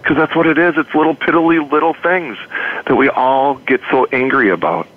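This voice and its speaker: A man's voice: a little high, normal speed. Earnest man on a phone-like line. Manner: earnest, repeats words, asks rhetorical questions. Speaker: life coach. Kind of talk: interview guest, storytelling. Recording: phone-like narrow sound.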